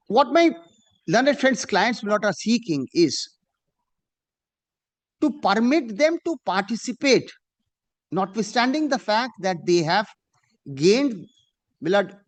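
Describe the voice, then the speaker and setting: A man, arguing a case before a judge in a courtroom, deferential and emphatic, slowing down to read judgments aloud. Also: high-pitched, big pitch swings. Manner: deferential, addressing the bench as "my lord" again and again; slow and emphatic when reading out judgments. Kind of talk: formal courtroom argument.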